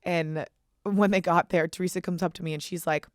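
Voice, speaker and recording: A young woman hosting a podcast, telling animated, profane stories in casual chat. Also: fairly low pitch, a little fast, no room sound, clean studio sound. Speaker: podcast host.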